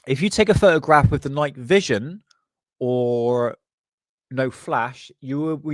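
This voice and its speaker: A man's voice: mid-range voice, dry recording. Man, live stream host, jokey and rambling, laughs a lot, dry sound. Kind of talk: casual live stream chat. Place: at his desk.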